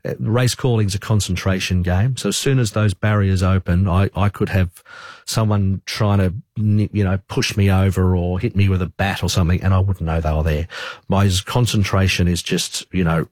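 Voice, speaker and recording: A man who is a sports broadcaster, answering interview questions in a calm, measured voice. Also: deep voice, no room sound, clean studio sound. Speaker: sports broadcaster and race caller.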